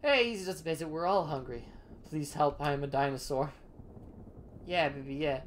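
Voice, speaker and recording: A woman's voice: low-pitched, moderate pace, a little hiss or hum. A woman playfully reading out a text adventure game and typing commands, laughing often. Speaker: game streamer. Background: keyboard typing.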